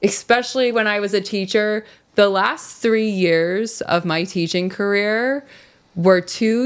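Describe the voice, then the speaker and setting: A woman's voice: medium pitch, smooth. A woman from West Virginia co-hosting a casual podcast chat, talking earnestly and chattily. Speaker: podcast co-host.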